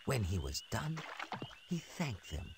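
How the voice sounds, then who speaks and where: A man's voice: on the low side, very animated, slow, creaky, background noise, full character voice. A man giving scripted narration in an educational computer game.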